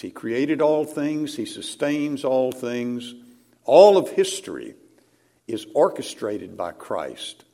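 Guy preaching a sermon, slow and deliberate, voice goes up and down a lot. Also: mid-range voice. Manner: slow, measured preaching with lively rising emphasis. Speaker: pastor.

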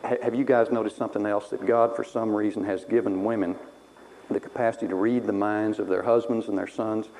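A man's voice: fairly low pitch, steady tone, fairly quick, a little mellow, a little hiss or hum, rough recording. Wry storytelling preacher man from Texas. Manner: wry, self-mocking storyteller who laughs at himself. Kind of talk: sermon told as personal stories.

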